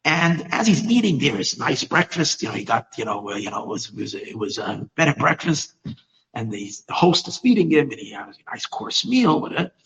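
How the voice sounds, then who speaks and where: Male preacher, storytelling sermon, animated, gravelly, keeps restarting phrases. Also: fairly high pitch, fairly quick, low-quality recording. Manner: animated, with frequent repeats and restarts.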